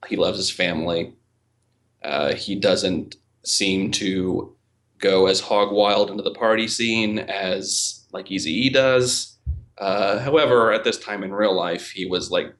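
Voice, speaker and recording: A man's voice: low-pitched, slow pace, a bit bright. A man hosting a casual podcast film discussion, thoughtful and hesitant, with many fillers. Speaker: podcast host and film reviewer.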